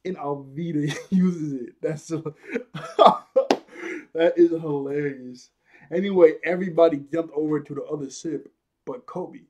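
Guy doing a loose chatty anime recap, kinda high voice, laughs all the time, does little character voices. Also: a little slow, warm tone, highs cut off. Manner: rambling, laughs often, acts out characters' lines. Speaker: anime reviewer. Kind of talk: casual episode recap.

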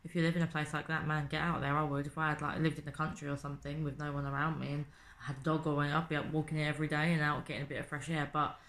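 Low, gravelly woman vlogging. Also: flat delivery, racing, few pauses, a bit bright. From England. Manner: sweary, chatty, rhetorical tags. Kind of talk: casual video diary. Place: home in the city.

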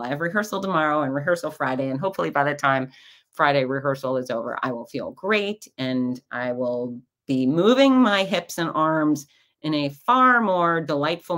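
A middle-aged woman with a low-pitched voice hosts her own podcast. She tells stories in a relaxed, chatty monologue and often acts out the lines of the people in them. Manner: chatty storytelling with lively quoted asides. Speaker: podcast host. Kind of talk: casual monologue.

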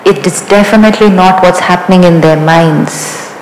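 A woman's voice: on the low side, moderate pace, background noise. A woman with an Indian accent gives a spiritual talk to a live audience in a large hall. She keeps asking the crowd questions and acts out short everyday dialogues. Her voice carries a roomy echo, with faint room sound behind it. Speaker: spiritual teacher.

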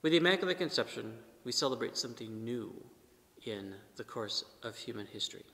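A man preaching a sermon at Mass as a priest, measured, with emphatic rises and soft trailing endings. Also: mid-range voice, lively intonation. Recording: long church reverb.

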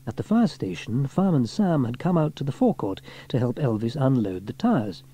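A man reading a children's storybook aloud in an expressive way. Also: medium pitch, brisk, slightly rough.

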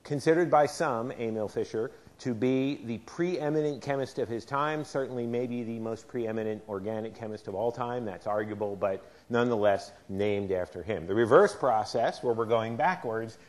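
Man lecturing on chemistry to a class. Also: lowish voice. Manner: asks the class questions, conversational. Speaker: chemistry professor. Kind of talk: university lecture. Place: lecture hall.

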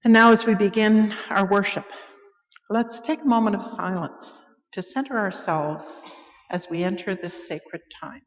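Slow, solemn woman leading worship. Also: medium pitch, highs cut off. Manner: measured, solemn, deliberate reading. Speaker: worship leader. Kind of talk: liturgical reading in a church service. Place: church sanctuary. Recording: long reverb of a church hall.

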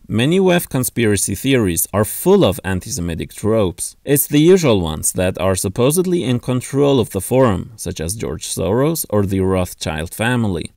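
Male video-essay narrator, sardonic and animated, dry close-mic sound. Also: on the low side, no echo. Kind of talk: scripted narration.

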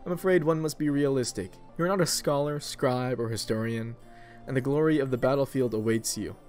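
A man's voice: a little fast, faint music behind, natural voice. Silky, seductive, speechifying villain, voiced by a man. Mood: condescending. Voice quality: deep, silky and almost seductive. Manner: pompous, speechifying, grows louder. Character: silky, menacing male villain with grand plans.

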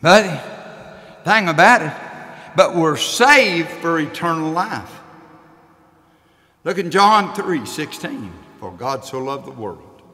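A man preaching a sermon, folksy, loud and emphatic, swinging from shouts to low storytelling. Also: lively intonation, slow pace, long pauses. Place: church sanctuary. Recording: long church reverb.

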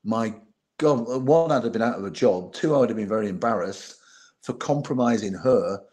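His voice is on the low side and a little mellow, at a normal speed. A former bodyguard in middle age, he spins anecdotes in a storytelling interview, retelling past dialogue and often starting sentences over.

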